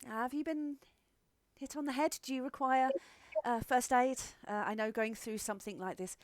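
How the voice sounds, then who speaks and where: A woman voicing a gentle, reassuring female caretaker of a chapel in a tabletop game. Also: a little high, fairly even intonation, moderate pace, no echo, pitched above the performer's own voice, close to an everyday voice. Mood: soothing.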